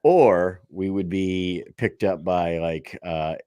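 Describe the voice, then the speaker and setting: A man's voice: sits low, slow pace, mellow, clean tone, no echo. A man co-hosting a podcast, chatting casually with laughs and swearing. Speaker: podcast co-host. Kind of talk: casual chat.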